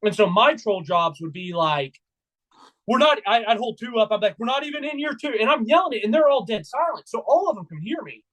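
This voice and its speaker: A young man with a notably high voice co-hosts a sports podcast. He tells his stories with excitable energy and keeps slipping into loud impressions of his own trash talk. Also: brisk. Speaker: podcast co-host. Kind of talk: casual sports chat.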